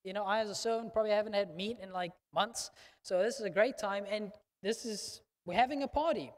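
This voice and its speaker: A man voicing an excited young male servant who gushes in casual slang. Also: high voice, brisk, voice pushed up, lightly acted. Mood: thrilled. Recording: long church reverb.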